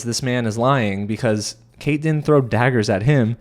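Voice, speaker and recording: Chatty opinionated man recapping a reality show. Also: unhurried. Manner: chatty and opinionated, voice jumps high when incredulous. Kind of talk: casual recap commentary.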